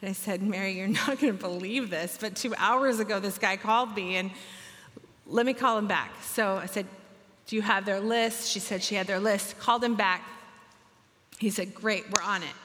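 A woman telling a personal story to an audience, lively and voicing the people in it, at times emotional and tearful. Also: mid-range voice, normal speed, long reverb tail. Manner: emotional, tearful at moving moments.

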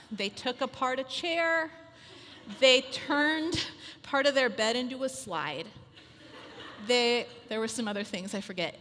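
A woman in her thirties giving a chatty, animated sermon full of personal stories, acting out little quotes. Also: a little high. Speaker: speaker at a women's church gathering. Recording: long hall reverb.

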